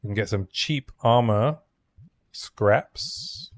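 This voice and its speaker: A man's voice: on the low side, takes it slowly. A man streaming a game in a casual, chatty way, thinking aloud and reading out item stats as he plays. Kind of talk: casual gaming stream commentary.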